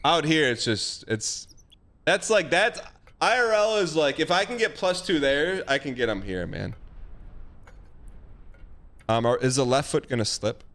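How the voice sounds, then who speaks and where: A man streaming a video game live, talking to his chat in a rambling, excitable way with many restarts. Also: fairly high pitch.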